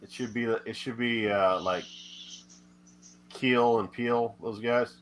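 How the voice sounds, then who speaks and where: A man's voice: medium pitch, steady tone, slow pace, slight background noise. A man hosting a live stream, chatting casually and joking, often trailing off with fillers. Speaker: host.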